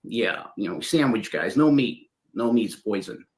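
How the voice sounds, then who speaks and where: Lively Australian man, bantering. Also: fairly low pitch, measured pace. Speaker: guest on a panel. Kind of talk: mocking banter on a livestream.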